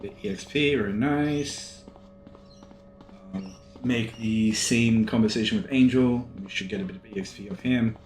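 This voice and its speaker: A man's voice: on the low side, moderate pace. A man who is sick and yawning, rambling casually while commenting on his gameplay. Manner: rambling, relaxed, many fillers. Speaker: let's play gamer. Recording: echoey room. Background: faint game music.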